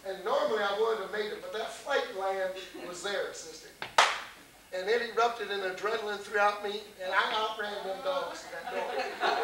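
A man's voice: sits high, normal speed. Male preacher, folksy storyteller, distant mic with hiss. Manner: folksy, chuckling often while telling a story. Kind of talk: storytelling sermon. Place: church service. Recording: echoey hall recording from a distance with noise.

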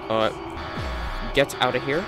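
A man's voice: mid-range voice, steady tone, moderate pace. A young man doing gameplay commentary from a room at home, rambling and jumpy with lots of exclamations. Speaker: gameplay video creator. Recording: game music playing under the voice. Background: game music.

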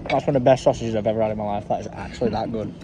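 A young man from England, upbeat and joking, casually vlogs a road trip with his dad around a camper van and service stations, tossing in the odd swear. He talks very fast in a fairly low, steady voice, over crowd noise and outdoor traffic.

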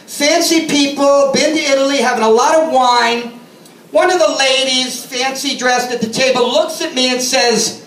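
A man's voice: very high voice, animated, unhurried, fairly bright tone. Sarcastic man doing stand-up in a room. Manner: sarcastic storytelling, acts out customers. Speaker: stand-up comedian. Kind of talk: stand-up set. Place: comedy club stage. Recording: roomy, from a distance.

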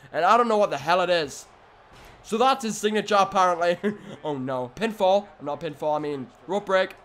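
A man with a high voice gives loud, excitable play-by-play as he plays a video game. He swings between low groans and sudden shouts, swears casually and says many lines twice. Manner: swears casually and repeats phrases. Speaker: gaming video host. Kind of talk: excited let's-play commentary.

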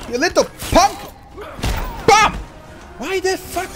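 Man, let's play commentary, excitable, profane, high wide-ranging voice. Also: a little slow, pauses often. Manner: excitable, profane, yelling at the game. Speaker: gamer. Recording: with game music behind. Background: game music.

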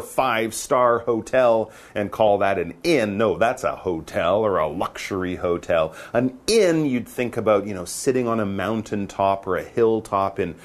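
A male English teacher explaining words in an animated, playful manner. His voice jumps around in pitch. He talks easily with a co-host. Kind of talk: lively explanatory chat.

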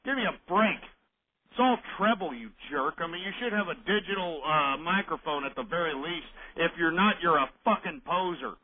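A man's voice: fairly high pitch, lively intonation, moderate pace. Abrasive man hosting call-in radio. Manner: abrasive, insulting, belligerent. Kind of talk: ranting call-in radio talk. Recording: tinny phone-like radio audio.

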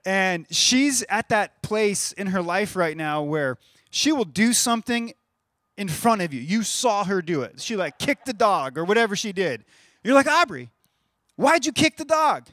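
A pastor in his thirties delivers a sermon in a conversational, animated way. His voice sits fairly high for a man. The sound is dry and close, with no room echo. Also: a little slow. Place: church stage.

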